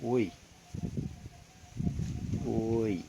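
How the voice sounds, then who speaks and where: List: man, Australian accent, gravelly voice, unhurried speech, casual vlog chat, outdoors, faint background noise. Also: on the low side. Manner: relaxed, rambling, with many ums. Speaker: vlogger. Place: outdoors under a tree.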